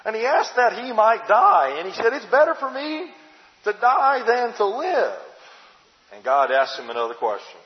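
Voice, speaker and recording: A man preaching a sermon in a conversational, expressive way, asking his listeners rhetorical questions. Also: very high-pitched, normal speed. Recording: muffled, echoey hall sound.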